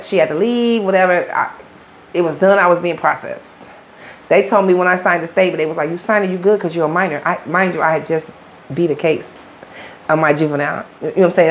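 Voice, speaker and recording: Speaking as an interview guest, a middle-aged Chicago woman with a low, gravelly voice recounts her story in blunt, profane street talk, with faint background noise behind her.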